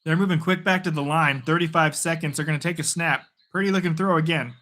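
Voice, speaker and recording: Bright-voiced man calling plays live. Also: on the high side, steady tone. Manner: casual, chatty, quick bursts of play calling. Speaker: host. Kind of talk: live play-by-play and reaction.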